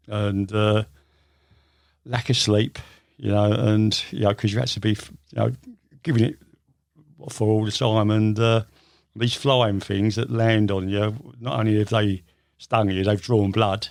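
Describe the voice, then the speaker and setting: A man's voice: lowish voice, creaky, no room sound, studio quality. An older man from England, telling long stories in a rambling, casual way with many fillers. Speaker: guest. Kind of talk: casual storytelling interview.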